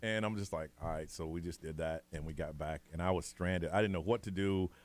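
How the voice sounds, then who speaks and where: A man's voice: low-pitched, a little fast. A man hosting morning radio, telling a story in a casual way and acting out the people in it. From United States. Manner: animated, acts out other people's voices in his stories. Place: radio studio.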